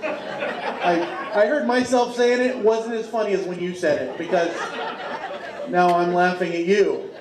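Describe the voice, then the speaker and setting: Male stand-up comic, high voice, drawling storyteller, on stage in an echoey club, miked from a distance. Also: measured pace, a crowd in the background, noisy background. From Tennessee. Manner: drawling storyteller with frequent fillers. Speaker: stand-up comedian. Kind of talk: stand-up comedy set.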